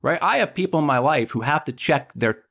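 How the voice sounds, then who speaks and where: A man's voice: a little high, expressive, brisk, vocal fry, fairly bright tone. A man, a political candidate, talking earnestly in a podcast conversation and often repeating words as he builds his point. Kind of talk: conversational interview talk.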